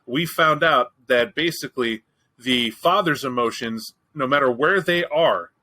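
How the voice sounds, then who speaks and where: Candid, joking man with a bright voice. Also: medium pitch, a little slow, low-quality recording. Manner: candid, profane, joking storyteller. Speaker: podcast host. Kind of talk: casual chat.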